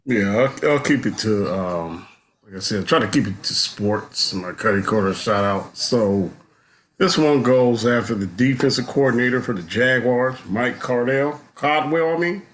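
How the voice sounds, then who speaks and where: Male podcast co-host, casual sports talk, relaxed and rambling. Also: mid-range voice, normal speed.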